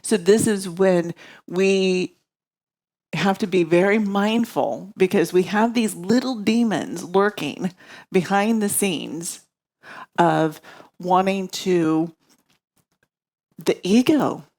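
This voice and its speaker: Slow, reflective woman teaching scripture. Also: medium pitch, a little mellow. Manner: reflective, searching for words. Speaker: yoga teacher. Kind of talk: spiritual study lesson.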